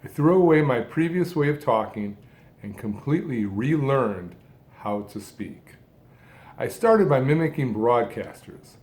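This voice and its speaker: A man giving an instructional talk, speaking deliberately in short phrases with strong emphasis on key words. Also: mid-range voice, darkish tone. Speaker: speech coach who stutters.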